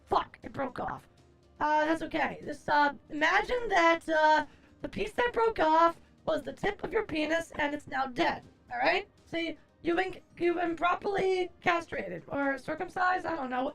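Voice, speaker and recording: High, gravelly-voiced swearing woman streamer. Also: a bit bright. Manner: profane, rambling, exasperated, answers chat. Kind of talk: casual live-stream chat.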